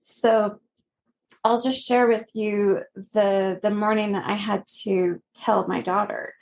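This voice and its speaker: Woman guest in her 30s, slow earnest storytelling with soft laughs. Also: medium pitch, fairly even intonation. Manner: slow, earnest, laughing softly between phrases. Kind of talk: personal story in a podcast interview.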